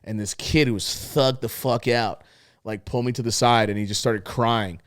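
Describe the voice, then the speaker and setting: A young man on a podcast, talking casually and swearing freely as he tells a personal story. His pitch sits in the middle range for a man, and he speaks in a candid, unguarded way. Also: fairly even intonation, normal speed, clean tone. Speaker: podcast co-host. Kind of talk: casual chat.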